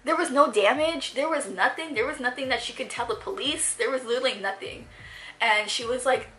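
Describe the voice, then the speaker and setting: A woman's voice: a little high, fairly quick, sharp tone, roomy sound, faint music behind. A young woman vlogger telling a story in a chatty, exasperated way while doing her makeup. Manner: chatty, exasperated, heavy use of fillers. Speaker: beauty vlogger.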